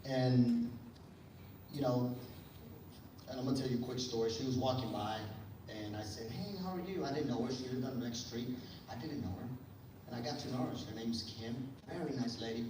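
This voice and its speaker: A man giving an energetic motivational talk to an audience at a sales event, telling stories with lots of fillers. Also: mid-range voice, brisk, long pauses. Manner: energetic storytelling, many fillers. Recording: echoey hall, distant mic, noisy.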